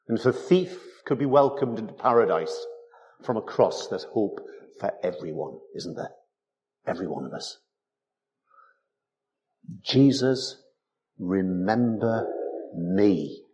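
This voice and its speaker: A man's voice: on the low side, warm tone, a little hiss or hum. A man preaching a sermon, emphatic and full of rhetorical tag questions.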